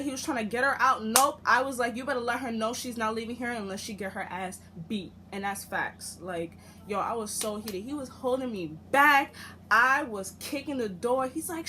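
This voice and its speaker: A young woman telling a storytime vlog, animated and profane, acting out the people she quotes. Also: a little high, noisy background. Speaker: storytime vlogger.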